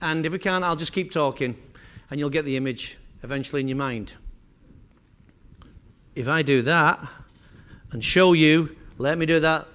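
Mancunian guy giving a talk, high voice, chatty, teases the audience. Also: moderate pace, fairly bright tone. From Manchester, England. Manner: chatty, teasing, addresses audience directly. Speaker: presenter. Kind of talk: jokey live presentation to a room. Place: meeting room with small audience.

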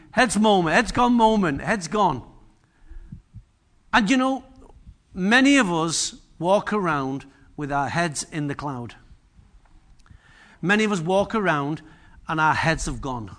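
A man's voice: high-pitched, big pitch swings, takes it slowly, pauses often, fairly bright tone. A man preaching a sermon in a humorous, chatty way, often asking the congregation questions.

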